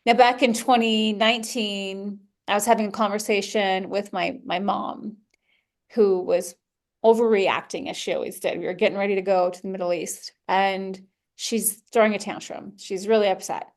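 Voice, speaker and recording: A woman's voice: mid-range voice, fairly even intonation, moderate pace. A young adult woman hosting her own podcast, speaking candidly and animatedly, laughing and swearing freely. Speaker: podcast host. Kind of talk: personal podcast talk.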